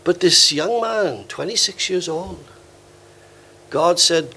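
A man's voice: a little high, slow pace, vocal fry, pauses often, a little hiss or hum. An older man from Wales preaching a sermon in a church, telling stories with quoted voices. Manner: storytelling, warm anecdotes with acted quotes. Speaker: visiting preacher. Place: church hall.

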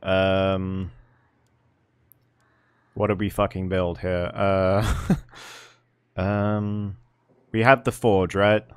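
A man's voice: sits low, flat delivery, extremely slow, pauses often, clean tone, dry recording. A man giving casual commentary as he plays a strategy game, thinking aloud and swearing under his breath. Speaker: gameplay streamer. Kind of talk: casual let's-play commentary.

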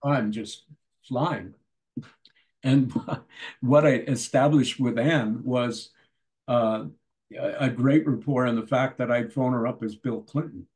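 An older man from Canada, a musician guest telling lively anecdotes in a casual interview and often acting out the people in his stories. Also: medium pitch, slow pace, poor audio.

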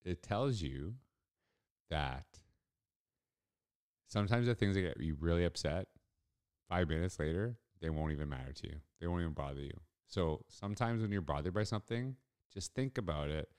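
A man's voice: low voice, lively intonation, normal speed, long pauses, a little mellow, clean tone. A middle-aged man hosting a solo podcast, telling a story in an earnest, reflective way. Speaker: podcast host.

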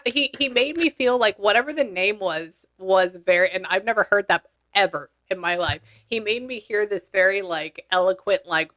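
A woman's voice: medium pitch, normal speed, hardly any pauses, fairly bright tone. A woman working as a psychic medium, talking casually with clients and relaying what she hears in a chatty way, with slang and the odd swear word. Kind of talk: casual session talk.

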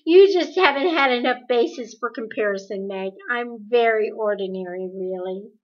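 Woman doing a calm, gentle mother. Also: a little high, moderate pace, close to an everyday voice. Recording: dull lo-fi recording.

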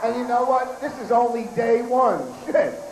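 Brash hoarse man bantering on stage. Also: very high-pitched, moderate pace, darkish tone, a little hiss or hum. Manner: brash, profane, joking. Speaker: festival emcee, comedian. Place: outdoor festival stage. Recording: echoey outdoor PA sound.

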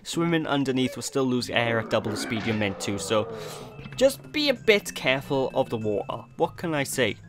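Over music, a young man from Wales hosts a let's play, giving rambling, jokey, self-deprecating commentary on a video game. His Welsh voice is medium-pitched and sing-song at a normal speed.

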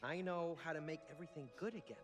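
An actor playing an eager, excitable young husband and father in a video game, with quick, animated delivery. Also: fairly high pitch, lightly acted. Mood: puzzled. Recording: game audio over music.

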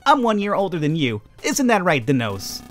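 A man's voice: sits high, wildly swooping pitch, moderate pace, soft background music. A man voicing a snobbish, stuck-up rich young woman in a game, talking in a haughty, sneering way.

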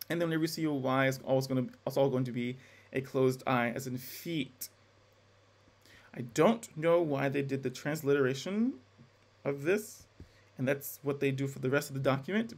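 A man's voice: on the high side, darkish tone. A man teaching a choral conducting class, talking casually with frequent restarts and self-corrections and demonstrating sung vowels. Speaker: music instructor. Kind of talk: classroom lecture.

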